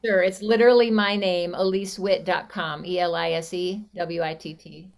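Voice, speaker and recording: A woman's voice: on the low side, fairly even intonation, normal speed, creaky. A woman song leader chatting casually over a video call about a song she wrote, trailing off with fillers. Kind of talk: casual chat after leading a song.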